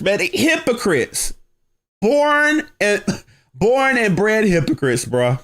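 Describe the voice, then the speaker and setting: A high-voiced man hosts a livestream and rants at a rival. His delivery is combative and mocking, full of slang, and it climbs into shouts when he gets worked up. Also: very animated, takes it slowly. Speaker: livestream host. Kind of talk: heated livestream rant.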